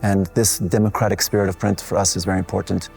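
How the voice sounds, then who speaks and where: A man who is an artist presenting his collective's exhibition, walking listeners through the works in a measured, explanatory way with occasional restarts. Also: deep voice, level tone, gravelly, a little mellow, soft background music. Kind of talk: gallery walkthrough talk. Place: art gallery.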